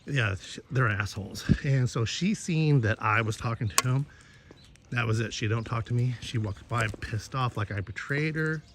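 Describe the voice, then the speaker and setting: A man's voice: medium pitch, normal speed. Guy rambling and cussing while he walks around outside, regular mid voice, lots of noise in the background. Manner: rambling, profane, gossipy. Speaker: vlogger. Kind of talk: casual walking chat. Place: outdoors in a neighborhood.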